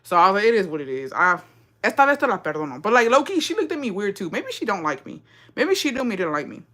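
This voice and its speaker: A woman's voice: medium pitch, very animated, fast, pushed and bright. A young woman hosting a livestream, telling a story in a slangy, profane, chatty rant and reading out viewer comments. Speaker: livestream host.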